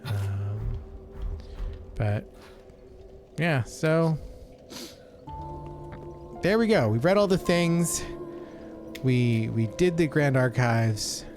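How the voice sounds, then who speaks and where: A man with a mid-range voice reads game item lore aloud in a relaxed, chatty way. He breaks off for casual asides, and music plays clearly behind him. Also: mid-range voice, very slow, long pauses. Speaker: podcast co-host. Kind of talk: casual let's-play chat, reading item text.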